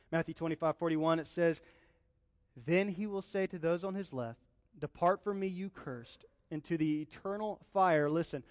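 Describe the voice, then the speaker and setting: High-voiced man preaching in a reverberant hall. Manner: impassioned preaching, telling personal stories. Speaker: pastor. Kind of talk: sermon.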